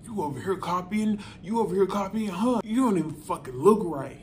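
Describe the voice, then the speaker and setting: A woman's voice: medium pitch, lively intonation, a little fast, a little mellow, lightly acted. A woman voicing an angry young boyfriend who curses and berates a woman. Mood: berating. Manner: cursing, berating.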